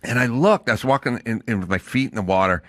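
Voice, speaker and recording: A man's voice: medium pitch, fast. A man hosting a podcast, telling stories in casual chat with plenty of swearing. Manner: profane, animated storyteller. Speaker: podcast host.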